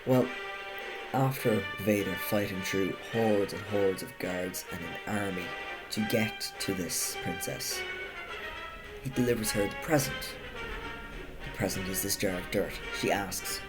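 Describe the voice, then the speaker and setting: Deep-voiced man narrating a video essay. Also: unhurried. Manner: conversational, self-correcting asides. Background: music.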